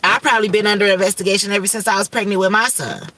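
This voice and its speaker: A woman's voice: medium pitch, fairly even intonation, very fast, fairly bright tone, recorded from a distance, slight background noise. A woman from Michigan, hosting a livestream and declaring her spiritual visions in urgent, profane, repetitive bursts. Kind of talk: rambling prophetic livestream talk.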